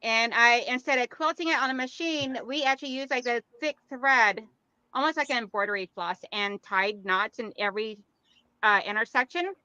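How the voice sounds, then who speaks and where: Brief: bright, smooth-voiced woman, chatty livestream guest, slightly dull audio. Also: on the high side, normal speed, dry recording. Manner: chatty, laughs easily. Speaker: guest sewist. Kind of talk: casual livestream chat.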